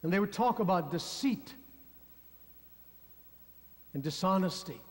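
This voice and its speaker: High-voiced male pastor in reverberant church. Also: animated, unhurried. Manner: storytelling, addressing the congregation directly. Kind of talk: sermon. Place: church sanctuary.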